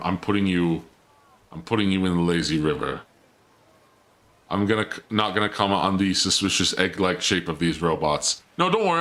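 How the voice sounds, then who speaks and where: A man's voice: fairly low pitch, bright, forceful tone. A male streamer giving live gameplay commentary, teasing and taunting in a playful, theatrical mock-villain way.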